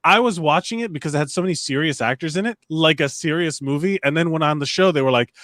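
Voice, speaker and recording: Rambling, high-pitched male podcast host. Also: fast talker, hardly any pauses, fairly bright tone, no room sound, studio quality. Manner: rambling, stumbling restarts, profane. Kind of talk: casual chat.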